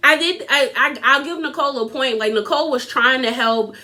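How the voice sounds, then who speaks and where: A woman's voice: high voice, brisk, bright, forceful tone. A young woman recapping a reality TV episode in casual, gossipy chat, giving her opinions and talking straight to her viewers.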